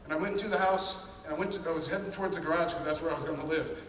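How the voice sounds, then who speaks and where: A man with a fairly high voice tells his own story with earnest candor, acting out the anxious voices in his head. He sounds set back from the mic. A long hall reverb and a faint room hum hang around every word. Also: rapid-fire, a bit bright. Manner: candid, earnest storytelling with quoted inner voices. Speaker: speaker sharing his story. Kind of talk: personal testimony talk. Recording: echoey hall, mic at a distance.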